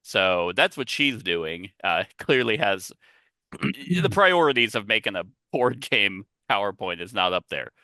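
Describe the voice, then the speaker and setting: Bright, chatty male podcast host. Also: on the low side, sing-song, a little slow, no room sound. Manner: rambling and chatty, with lots of filler and asides. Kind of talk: casual chat. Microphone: headset.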